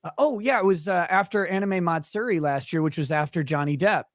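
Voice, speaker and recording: A man's voice: sits high, brisk, dry recording, clean studio sound. A man hosting a casual chat with friends, telling rambling, profane stories about family and childhood. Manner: rambling storyteller, loose and profane. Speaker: host.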